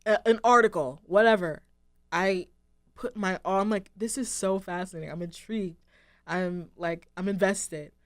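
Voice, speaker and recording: A woman's voice: low-pitched, no echo. Young woman host, reflective solo talk, earnest and rambling, dry close mic. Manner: earnest, rambling, heavy use of "like" and "um". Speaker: radio show host. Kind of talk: reflective casual monologue.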